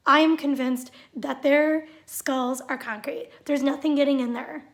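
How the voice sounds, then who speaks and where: Woman vlogger, high voice, sarcastic and exasperated rant to camera. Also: steady tone, unhurried. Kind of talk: ranting vlog monologue.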